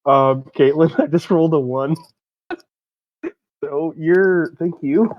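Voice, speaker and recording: A man's voice: on the high side, slow pace, highs cut off, slight background noise. A man playing in a tabletop game, talking in a hesitant way with chuckles. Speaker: player.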